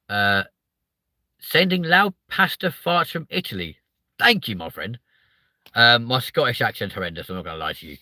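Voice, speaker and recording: This is a southern English man hosting a live stream, his mid-range voice bright and forceful on a dry recording. He chats casually with viewers in a rambling, sweary, self-mocking way.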